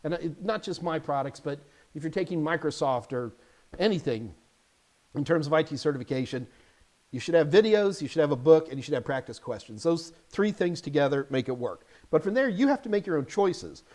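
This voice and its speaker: A chatty, animated man hosting a casual live question-and-answer stream. He teaches IT certification and drops jokey asides as he goes. His voice sits fairly high for a man. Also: fairly quick. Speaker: host and IT certification instructor.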